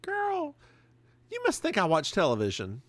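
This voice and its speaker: A man's voice: mid-range voice, sing-song, moderate pace, fairly bright tone. A man co-hosting a podcast, chatting casually with sassy, campy banter while recapping an episode. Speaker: podcast co-host.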